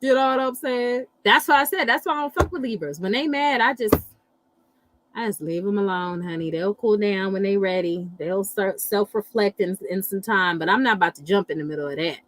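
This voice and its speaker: A middle-aged woman hosting a casual live chat, animated and blunt, swearing freely and reacting to viewer comments. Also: medium pitch, brisk, slight background noise, low-quality recording. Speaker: livestream host reading astrology.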